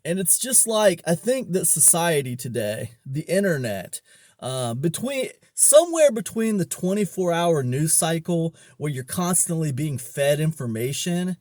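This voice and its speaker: A man's voice: fairly high pitch, sing-song, measured pace, a little mellow, no room sound. Rambling man, dry close sound. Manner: rambling, many fillers and restarts. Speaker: online business vlogger. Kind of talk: casual storytelling monologue.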